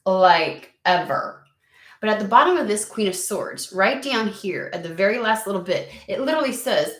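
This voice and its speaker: A woman's voice: fairly low pitch, roomy sound. A woman giving a casual tarot reading, chatty and rambling, swearing freely and saying "like" a lot. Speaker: tarot reader.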